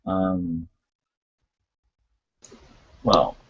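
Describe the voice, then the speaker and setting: Husky low-voiced man rambling on a call. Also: extremely slow, fairly bright tone. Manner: rambling, many fillers and restarts. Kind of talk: casual online call chat. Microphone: computer mic on a video call. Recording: dull lo-fi online call audio.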